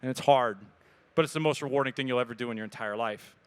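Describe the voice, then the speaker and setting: A man, answering questions from an audience at a live expo talk in a casual, joking, energetic way. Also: mid-range voice, fast talker, smooth. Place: event hall with audience.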